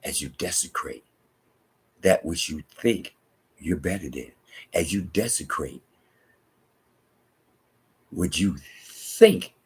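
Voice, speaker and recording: A man preaching slowly in a very deep, gravelly voice with a heavy husky rasp. He reads scripture and drives home his points by repeating them, sometimes sinking into hushed asides. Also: animated. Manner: repetitive, emphatic, drops to hushed asides. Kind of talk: preaching monologue.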